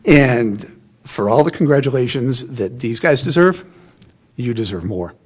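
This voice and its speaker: Guy giving a graduation speech, folksy and emotional, kinda husky voice. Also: medium pitch, expressive, a little slow. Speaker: commencement speaker. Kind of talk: commencement speech. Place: large hall.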